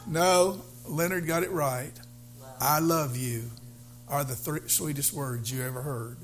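A male pastor preaching a sermon, halting with fillers, then building to fervent emphasis. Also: fairly high pitch, a little hiss or hum.

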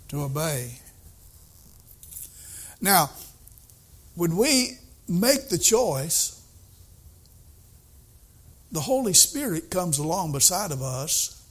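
Slow emphatic older preacher man. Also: on the high side, gravelly, husky. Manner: emphatic, swings between soft asides and excited outbursts. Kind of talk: sermon.

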